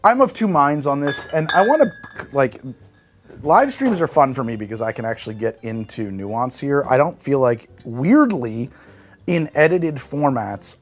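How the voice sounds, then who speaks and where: A man chatting casually on a live stream, rambling, swearing freely and thinking aloud as he answers chat. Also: mid-range voice.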